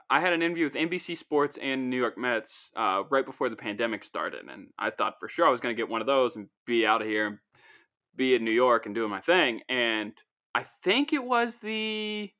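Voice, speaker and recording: A young man hosts a laid-back podcast conversation. His voice is bright and pushed forward. He rambles through long stories, tossing in animated asides. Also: medium pitch. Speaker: podcast host. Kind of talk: casual chat.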